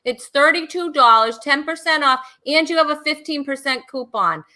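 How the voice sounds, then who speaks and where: A woman's voice: high-pitched, normal speed, pushed and bright. A woman hosting a casual live video chat show, bubbly and chatty, often laughing, on a video call. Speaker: host.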